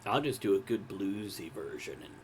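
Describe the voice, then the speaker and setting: A man in his forties hosting a casual podcast chat from home, relaxed and talkative, cracking jokes as he goes. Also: low voice, normal speed, slight background noise. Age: 40s. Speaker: podcast host.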